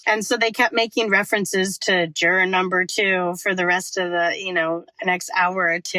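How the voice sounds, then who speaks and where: A woman podcast host telling a story in a casual monologue from her car, talking fast and out of breath, with frequent swearing. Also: fairly low pitch, little pitch movement, sharp tone, no echo, low-quality recording. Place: parked car.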